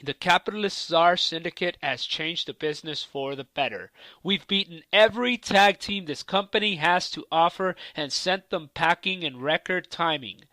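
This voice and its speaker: A man's voice: a little high, normal speed, pushed and bright, dry recording. A man cutting a trash-talking wrestling promo in a cocky, taunting, profane manner.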